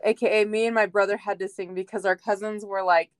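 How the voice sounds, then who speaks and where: A woman's voice: mid-range voice, fairly even intonation, fast talker, no room sound. A young adult woman guesting on a faith podcast, telling a personal story in an emotional, heartfelt way with many fillers. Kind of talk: casual faith podcast chat.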